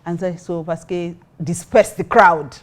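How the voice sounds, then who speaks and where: A middle-aged woman with a Nigerian accent, a pastor and co-host, telling a story in a lively way and acting out the quotes. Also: lowish voice, normal speed. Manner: lively, acts out quotes, mixes in Pidgin. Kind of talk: casual storytelling chat.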